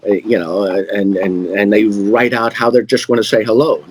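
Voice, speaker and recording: A middle-aged man, a magician, answering questions in a relaxed, rambling way with many fillers and restarts. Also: lowish voice, normal speed, slight background noise, poor audio. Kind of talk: casual conversational Q&A.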